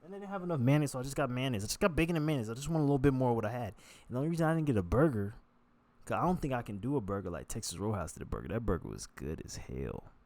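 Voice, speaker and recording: A man's voice: mid-range voice, sing-song, very fast, a little mellow. A man vlogger talking to himself in a rambling, digressive casual monologue.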